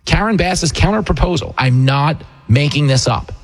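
Brief: husky-voiced middle-aged male talk radio host, sarcastic, mocking, ranting monologue. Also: on the high side, animated, moderate pace.

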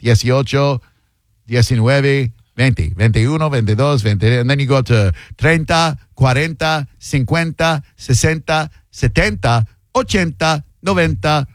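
A playful man runs a call-in radio show, joking with callers and dropping Spanish words into his talk. His voice sits at a middle pitch and sounds close and dry, with no room around it. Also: a little slow, no room sound. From Florida. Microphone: studio microphone.

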